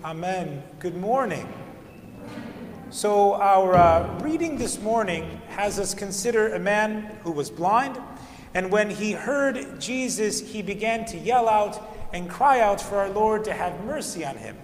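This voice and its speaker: A middle-aged man, an Orthodox priest, giving a calm, conversational sermon with storytelling. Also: high voice, unhurried, a little hiss or hum. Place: church. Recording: echoey church hall.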